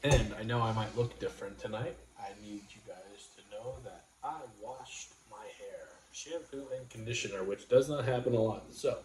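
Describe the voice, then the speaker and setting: A man from New York hosting a casual livestream chat, rambling and halting as he talks. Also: on the low side, a little mellow. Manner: rambling, halting, full of restarts. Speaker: livestream host. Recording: roomy room with faint noise.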